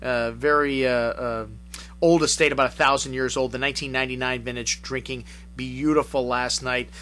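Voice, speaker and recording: A man's voice: medium pitch, fairly even intonation, moderate pace, a bit bright, slight background noise. Chatty man reviewing wines with uhs. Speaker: wine shop host. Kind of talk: casual wine review.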